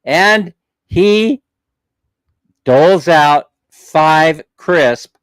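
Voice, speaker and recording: Male live-stream host, slow unhurried talker, smooth clear voice, jokey storyteller. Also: fairly high pitch, expressive, dry recording, poor audio. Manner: chatty, jokey, laughs as he tells it. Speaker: vlog host.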